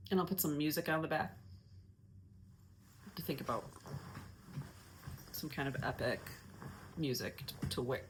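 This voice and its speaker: A woman's voice: deep voice, expressive, normal speed, pauses often, background noise. A woman hosting a knitting podcast, talking casually in a chatty, self-mocking, rambling way with many restarts. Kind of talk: casual chat.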